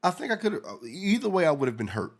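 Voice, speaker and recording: A man co-hosting a casual show reaction, excitable and profane, often repeating words as he gets going. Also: high voice, fast, vocal fry. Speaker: co-host reacting to a TV episode.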